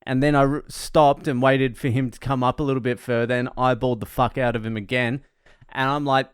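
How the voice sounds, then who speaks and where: A man tells his day in a casual vlog, swearing freely and laughing at his own anger. His voice is smooth and clear, recorded close and dry with no room around it. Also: medium pitch, flat delivery, brisk, dry recording. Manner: sweary, ranting, laughs at himself. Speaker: comedian and first aid trainer.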